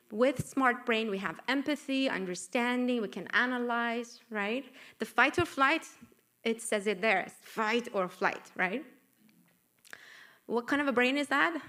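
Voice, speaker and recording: A middle-aged woman with a Persian accent giving a lively talk at her book launch, coaxing the audience and asking for agreement. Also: fairly high pitch. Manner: animated, coaxing, asks the room for agreement. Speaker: author and workshop speaker. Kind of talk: live book launch talk with group exercises. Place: event room with live audience.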